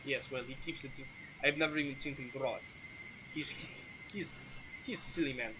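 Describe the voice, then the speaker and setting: A man voicing a gruff male guard who speaks in clipped, broken sentences and drops his articles. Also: medium pitch, fairly quick, background noise, close to an everyday voice. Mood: exasperated.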